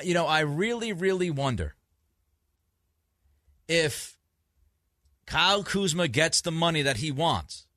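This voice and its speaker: A man's voice: fairly high pitch, bright, forceful tone, no echo, clean studio sound. A man hosting a sports talk radio show, emphatic and grumpy from too little sleep, often restarting his sentences. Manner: emphatic, repeats himself in restarts.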